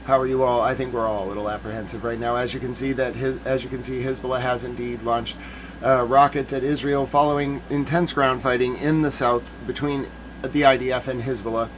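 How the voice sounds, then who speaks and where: A man's voice: mid-range voice, flat delivery, brisk, a little hiss or hum. A man hosting a live news stream, chatting to viewers and repeating himself when anxious. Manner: anxious, repeats himself, greets chat by name. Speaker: livestream news commentary host.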